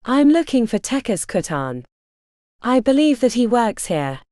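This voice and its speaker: A blunt, determined young woman speaks with direct, firm lines, as a woman narrator voices her. Her pitch moves in a lively way. The sound is dry and close. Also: a little slow, dry recording.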